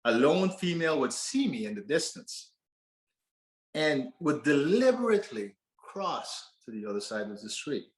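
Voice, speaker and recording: With a voice on the high side, big swings in pitch, and a moderate pace, a man from Canada gives an earnest, conversational storytelling talk on stage. He laughs now and then, and the sound has a roomy auditorium echo.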